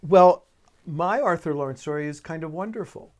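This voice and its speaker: Man telling halting backstage stories. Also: a little high. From Boston, USA. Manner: storytelling with halting restarts. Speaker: guest recalling theatre production. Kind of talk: casual anecdotal conversation.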